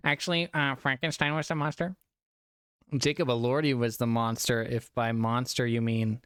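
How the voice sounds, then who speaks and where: A man's voice: mid-range voice, steady tone, moderate pace, fairly bright tone, clear, resonant tone, dry recording, clean studio sound. A young man streaming a casual movie review, a little tipsy from drinking, rambling and swearing with frequent laughs. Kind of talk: casual live-stream chat.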